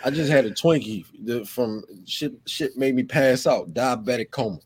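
A man's voice: medium pitch, normal speed. Playful slangy man, noisy line. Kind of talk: casual group chat.

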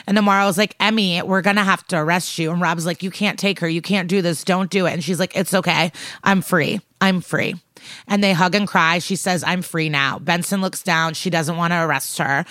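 A woman's voice: lowish voice, brisk, fairly bright tone, dry recording. A woman co-hosting a podcast, retelling a TV episode in casual chat and quoting the characters as she goes. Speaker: podcast co-host.

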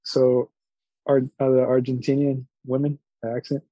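A man's voice: mid-range voice, flat delivery, normal speed, dark tone, no room sound. A man co-hosting a casual podcast chat, talking hesitantly with many fillers. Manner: hesitant, lots of fillers and trailing off. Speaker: podcast co-host. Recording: dull lo-fi mic.

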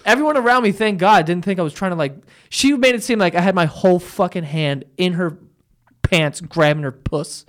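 A man hosting a casual podcast chat, telling stories in an animated way and swearing often. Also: high-pitched, a little fast. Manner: animated storyteller, swears a lot, laughs while telling. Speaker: podcast host.

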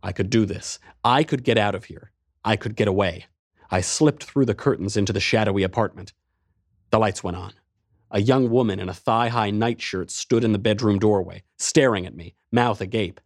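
A man's voice: fairly low pitch, normal speed, dry recording, studio quality. A man narrating a first-person adventure story in a tense, driving way.

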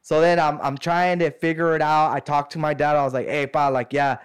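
A man's voice: on the high side, level tone, brisk, smooth. Guy rambling thru a story to his friends, lots of slang, does little voices for people. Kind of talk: casual chat.

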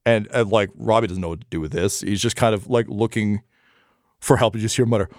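A man narrating a tabletop game as game master in a relaxed way, laughing often and using lots of fillers. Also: on the low side, fast, no room sound, clean studio sound.

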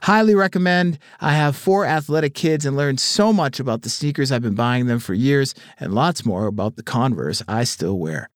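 A man's voice: medium pitch, dry recording. Casual male podcast host. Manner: casual, swears freely, reads texts aloud with dry asides. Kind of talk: casual listener-mail segment.

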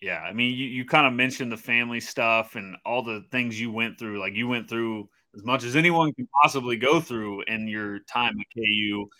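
A man with a bright, forward voice at a middle pitch hosts a casual interview. He asks long, relaxed questions and peppers them with "like." He sounds easygoing and conversational. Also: moderate pace, hardly any pauses. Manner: relaxed, chatty, leans on "like". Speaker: podcast host, interviewer.

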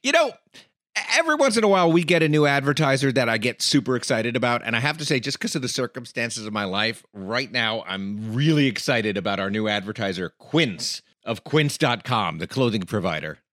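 A man's voice: mid-range voice, fairly quick, no room sound, studio quality. A man hosting a podcast and enthusiastically reading an ad in a casual way. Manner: enthusiastic, animated. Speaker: podcast host. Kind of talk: casual host-read ad.

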